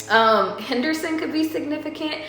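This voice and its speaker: Chatty tarot reader in echoey room. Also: female voice, mid-range voice, a bit bright. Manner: rambling, swears freely, laughs often. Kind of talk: casual chat. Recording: very echoey room, faint music behind.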